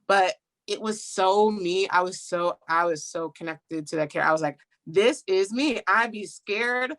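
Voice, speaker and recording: A woman, a stage actress on a podcast, talking about her roles in an animated, goofy way. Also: on the low side, moderate pace. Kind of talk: casual interview chat.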